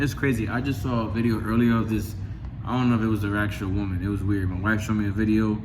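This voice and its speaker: A man's voice: fairly low pitch, fairly even intonation, brisk, slight background noise. A man casually talking about scripture and his own life, rambling with many restarts and sometimes acting out conversations. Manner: rambling, restarts often, retells chats in raised voice. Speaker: religious video host. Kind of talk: casual religious commentary with scripture reading.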